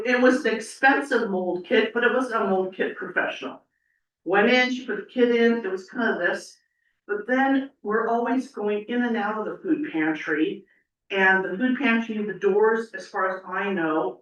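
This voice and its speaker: A woman's voice: mid-range voice, highs cut off. A woman giving an earnest, rambling public comment at a city council meeting, tearful as she speaks. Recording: echoey council chamber, mic at a distance.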